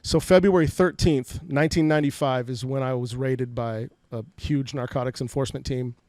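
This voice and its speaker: In a personal storytelling interview, a podcast guest in his forties from Fresno, California, candidly tells emotional stories from his life, often repeating words. His voice is medium-pitched and darkish, with fairly even intonation at a normal speed. The recording from the podcast studio mic is dry.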